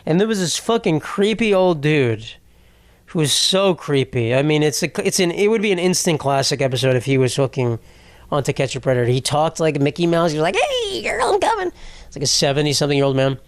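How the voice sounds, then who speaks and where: A man in his twenties hosts a podcast, animated and fairly quick, his voice a little high and free of room sound. He delivers a crude, meandering comic monologue, often starting lines over.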